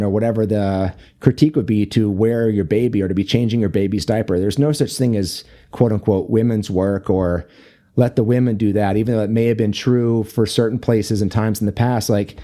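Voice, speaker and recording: A man with a somewhat low, warm and mellow voice talks casually as a podcast guest. He rambles through stories about fatherhood, full of fillers, restarts and loose asides. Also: steady tone, a little fast. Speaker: fatherhood coach and author, guest. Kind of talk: casual interview conversation.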